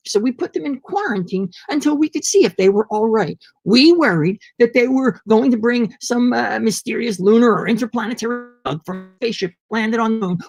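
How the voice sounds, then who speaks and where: A man with an extremely high, slightly rough voice delivers a furious, foul-mouthed comic rant to his laptop camera on a video call from home. It's a solo monologue performance, recorded with no echo.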